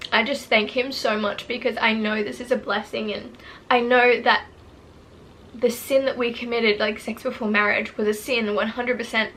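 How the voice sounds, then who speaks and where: A bright young woman in her 20s records an emotional personal vlog to camera, teary and earnest, rambling with many fillers. Her voice is fairly high, picked up by a close camera mic on a rough recording with slight background noise.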